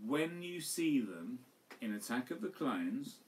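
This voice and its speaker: A man's voice: medium pitch, big pitch swings, takes it slowly. Rambling tipsy man on a podcast. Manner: rambling, swears, lots of fillers. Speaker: podcast co-host. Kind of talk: casual drunk chat. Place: home live stream. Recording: distant mic with faint room noise.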